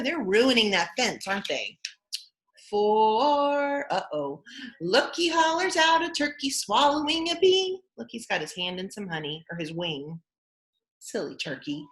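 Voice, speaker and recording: A young woman leads a children's lesson in a high voice that swoops up and down with great energy. She talks slowly and stretches her words, adding gasps and playful exclamations. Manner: animated, slow and exaggerated, with gasps and playful exclamations. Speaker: music therapist teaching children. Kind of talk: sing-song children's lesson and storytelling.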